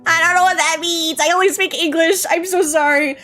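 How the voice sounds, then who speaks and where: A woman streamer chats casually with her audience in a high, light voice. She giggles a lot and sounds emotional, as if she might cry at any moment. Soft music plays quietly underneath. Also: steady tone, brisk. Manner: giggly and emotional, keeps saying she'll cry. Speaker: VTuber streamer. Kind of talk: casual live-stream chat. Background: faint background music.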